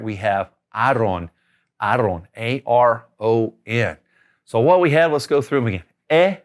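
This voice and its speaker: A man teaching a Spanish grammar lesson, upbeat and encouraging, talking straight to the learner. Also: medium pitch. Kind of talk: lively classroom lesson.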